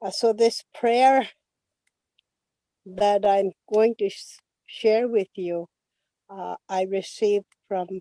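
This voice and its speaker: Older woman, unhurried gentle halting speech, mellow tone, dry video-call sound. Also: mid-range voice, fairly even intonation, dry recording. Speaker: guest elder. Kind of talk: prayer and blessing in a virtual event.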